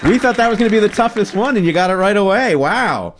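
A man's voice: sits high, animated, quick pace, some chatter behind. A man hosting a radio quiz, reading questions and fun facts in a playful way. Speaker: quiz host.

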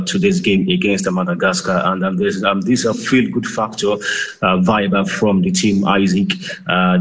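A man reporter with a very deep, husky voice. He gives a live report in a halting way and fills his pauses with "uh" and "um". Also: fairly bright tone, low-quality recording. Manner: halting, full of fillers.

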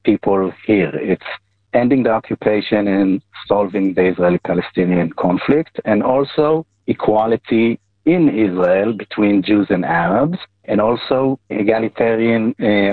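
A man, a political candidate, answering interview questions earnestly and deliberately. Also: lowish voice, no room sound. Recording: tinny phone line.

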